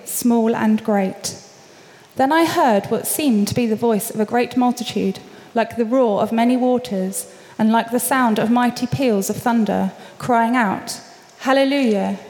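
Woman reading scripture with steady, measured delivery. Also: on the high side. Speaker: scripture reader. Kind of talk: public Bible reading. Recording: long reverb.

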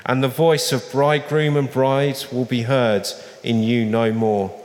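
A man reads scripture at a slow, unhurried pace, solemn and measured. His voice carries a long reverb, as if heard in a large, echoing room. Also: medium pitch, little pitch movement, a little mellow. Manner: slow, solemn reading, rising for quoted cries. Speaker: scripture reader. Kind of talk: public Bible reading.

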